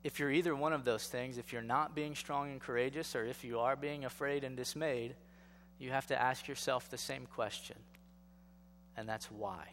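A man's voice: mid-range voice, normal speed, fairly bright tone, in a large hall, a little hiss or hum. A male pastor giving a sermon in a conversational style, asking rhetorical questions and building to emphatic exhortation.

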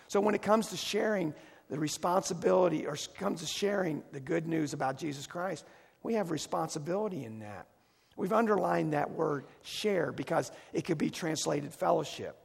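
A man preaches a sermon in a folksy manner that swells into emphatic calls. His voice is gravelly and a little husky, set slightly high for a man. A long reverb from the sanctuary trails each phrase. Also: expressive, moderate pace. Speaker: pastor.

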